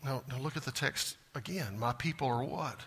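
A man's voice: mid-range voice, normal speed, gravelly, a bit bright, breathy edge. A man preaching a sermon as a pastor, talking to the congregation in a conversational way full of questions. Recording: long reverb in a large hall.

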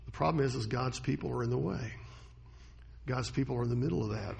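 A man preaching a sermon with a husky voice, swinging between loud dramatic bursts and hushed lines. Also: mid-range voice, fast talker. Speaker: pastor.

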